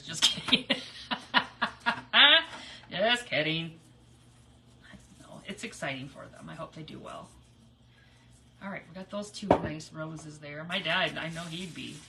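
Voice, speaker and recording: Far from the mic in a noisy room, a lowish-voiced woman rambles and giggles through casual chat while crafting on her live stream.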